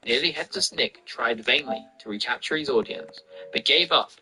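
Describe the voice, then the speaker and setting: A man reading a novel aloud in a steady, even storytelling voice while playing a video game. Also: medium pitch, normal speed, rough recording. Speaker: reader and gamer. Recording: game noise and sirens behind. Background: traffic and police sirens from a video game.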